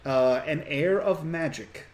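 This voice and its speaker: A man running a tabletop game as game master, narrating in an unhurried way with many fillers. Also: a little high, a little mellow.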